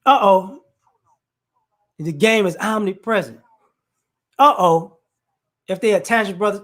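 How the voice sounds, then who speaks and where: A man from the United States who hosts a casual opinion talk with his live chat, animated and joking, with rambling asides. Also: sits high, slow, pauses often. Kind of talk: casual commentary.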